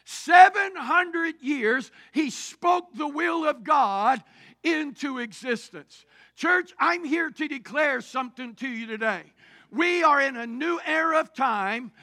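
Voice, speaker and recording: Male pastor, gravelly, fervent shouting sermon, measured pace. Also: extremely high pitch, animated. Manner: preaching cadence, rising to shouts.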